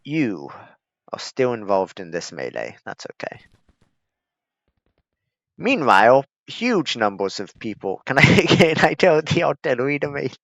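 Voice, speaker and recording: A man's voice: medium pitch, big pitch swings, measured pace, vocal fry, long pauses, a bit bright, no room sound. A man giving casual, joking gameplay commentary as a streamer, chuckling and talking to his units. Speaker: gaming streamer. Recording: dull lo-fi mic.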